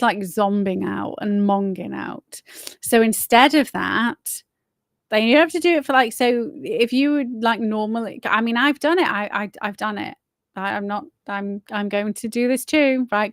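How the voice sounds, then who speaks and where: A woman's voice: medium pitch, no room sound, clean studio sound. A young woman hosting a livestream, chatting casually with lots of fillers, restarts and swearing. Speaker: livestream host. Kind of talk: casual self-help chat.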